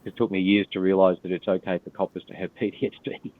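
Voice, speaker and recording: An older Australian man tells his story as a guest in a blunt, swearing, easygoing way. His voice sits low and deep. The sound is thin and tinny, like a phone line. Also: fairly even intonation, fast. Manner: blunt, profane, laid-back storyteller. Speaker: podcast guest, retired police officer. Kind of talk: storytelling in casual interview.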